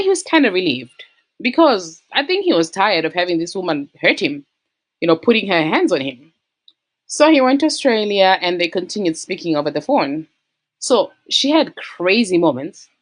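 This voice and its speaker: A woman casually retelling a relationship story, acting out the quoted lines. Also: fairly low pitch. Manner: acts out quoted voices with lively shifts.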